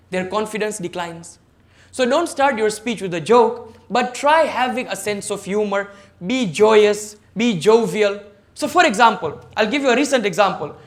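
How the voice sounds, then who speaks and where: A man giving a motivational lecture on public speaking over a video call, stressing his points one by one and putting questions to his listeners. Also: sits high. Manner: emphatic, enumerates points, questions the audience directly. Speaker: guest speaker at a service club forum. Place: online meeting.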